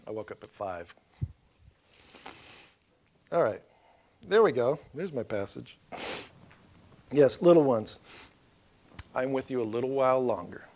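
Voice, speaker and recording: A middle-aged man, preaching a loose, storytelling sermon in church that swells loud and then drops low. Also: lively intonation, unhurried, long pauses. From Oklahoma. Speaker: pastor. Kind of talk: conversational sermon.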